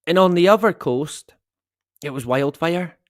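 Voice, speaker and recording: A middle-aged man hosts a casual live stream, rambling and swearing with the odd chuckle. His fairly high-pitched voice moves at an unhurried pace, captured in a dry, clean studio recording.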